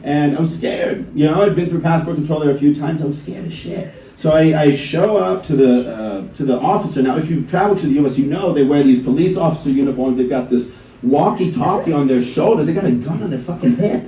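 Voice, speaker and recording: A man in his thirties with an American accent doing a stand-up comedy set, swearing and acting out people in quick put-on voices. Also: a little high, warm tone, highs cut off, slight background noise. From Netherlands. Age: 30s. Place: comedy club stage with live audience. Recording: roomy club sound from a distance, crowd laughter. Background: audience laughing.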